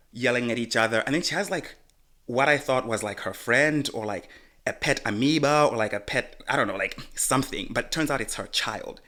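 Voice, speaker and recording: A young man co-hosting a casual podcast, telling a story in an animated, profane way. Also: mid-range voice. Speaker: podcast co-host.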